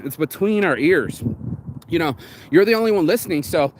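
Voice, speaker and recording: A man's voice: fairly high pitch, expressive, background noise. A man giving a blunt, profane motivational talk in a casual vlog. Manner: blunt and profane, with quick acted quotes. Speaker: motivational vlogger.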